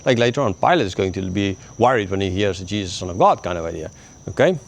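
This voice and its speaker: Animated male Bible teacher, lively pitch. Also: fast talker, gravelly, slight background noise. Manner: animated, acts out quoted speakers, frequent "right?". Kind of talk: casual verse-by-verse Bible commentary.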